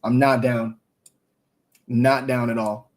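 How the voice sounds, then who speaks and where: A man's voice: medium pitch, flat delivery, slow. A man hosting a live audio chat, telling a story in casual, profane slang and calling his listeners bro and dog. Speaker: host of a live audio space.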